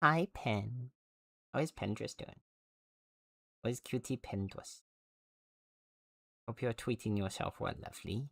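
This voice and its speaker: Chatty male game streamer, middle pitch, rambling fillers, dry close mic. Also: animated, a little slow, gravelly, pauses often, sharp tone, dry recording. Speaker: livestreamer. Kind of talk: casual livestream chat.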